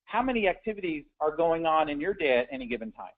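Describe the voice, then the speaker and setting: A man's voice: fairly high pitch, very animated, fast talker. Man coaching over tinny phone-like audio. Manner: conversational, repeats words when restarting, direct. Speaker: sales trainer. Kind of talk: instructional talk on phone scripts.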